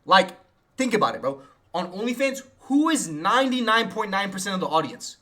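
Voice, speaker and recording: Young man, livestreamer, high-pitched, slangy, animated casual advice. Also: fairly quick. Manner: slangy, animated, storytelling with asides. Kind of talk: casual advice talk to chat.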